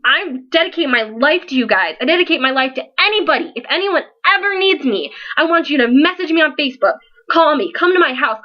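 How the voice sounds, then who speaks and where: A woman's voice: sits high, muffled recording. A young woman, giving an earnest, emotional vlog speech to her followers, pleading and scolding by turns. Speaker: founder of an online support page.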